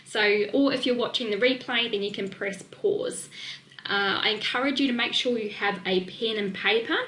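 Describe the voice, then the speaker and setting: A woman with a New Zealand accent presenting a webinar as a nutrition coach, talking fast and excitedly with fillers. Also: mid-range voice, echoey room.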